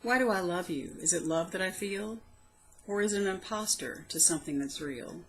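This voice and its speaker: A woman reading her own poems aloud, soft, slow and reflective, with plain spoken asides between them. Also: on the low side, rough recording. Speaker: poetry reader.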